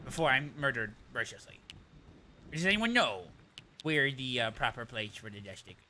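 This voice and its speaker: A man's voice: mid-range voice, expressive, moderate pace, bright, forceful tone, a little hiss or hum. A man from Texas clowning around in game voice chat, theatrical and silly, hopping between put-on voices. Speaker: game player. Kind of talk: goofy in-game voice chat role-play.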